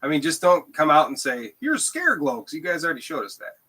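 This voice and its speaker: A man's voice: a little high, fast, fairly bright tone. A man co-hosting a podcast, chatting casually and laughing often. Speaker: podcast co-host. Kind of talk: casual chat.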